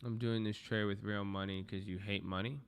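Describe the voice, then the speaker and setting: A man's voice: fairly low pitch, fairly even intonation, normal speed, clear, resonant tone. A young man trading stocks on a livestream, talking bluntly to his chat and swearing freely. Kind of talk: casual livestream commentary.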